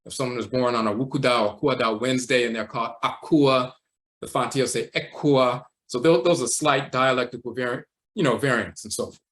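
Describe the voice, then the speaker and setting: A man teaching a livestream lecture, walking slowly through words and terms, repeating them and often tacking on "and so forth.". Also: mid-range voice, a bit bright. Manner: measured, repeats terms and says "and so forth" a lot. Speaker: teacher of a spiritual tradition.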